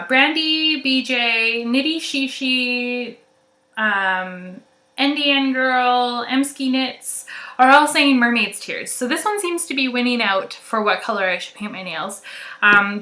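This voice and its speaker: Bright, giggly young woman chatting. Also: fairly high pitch, roomy sound. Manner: chatty and rambling, many ums, giggles often. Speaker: knitting podcast host. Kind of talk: casual chat to viewers.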